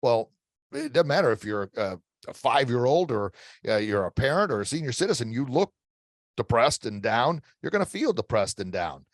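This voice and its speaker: A man's voice: medium pitch, big pitch swings, normal speed, no room sound, clean studio sound. A middle-aged man speaking as a guest expert in an interview, giving emphatic motivational coaching advice with repeated phrases and frequent restarts.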